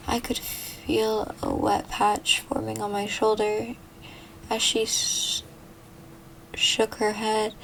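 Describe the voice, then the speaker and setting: Young woman reading fanfic, stumbles and fixes herself, low flat delivery, kinda husky gravel. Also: slow, a little hiss or hum, low-quality recording. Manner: stumbling, giggling at the text, self-correcting. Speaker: fan fiction reader. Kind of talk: casual read-aloud of a fan story.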